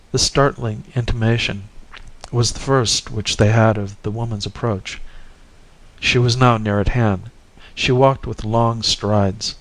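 A man narrating a classic short story in a measured, expressive reading. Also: fairly low pitch, no room sound, rough recording.

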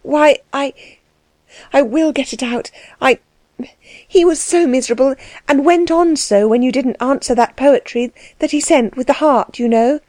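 Woman voicing a defiant young girl, higher-pitched, mellow, breathless tumbling delivery, storybook. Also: moderate pace, no echo, close to an everyday voice.

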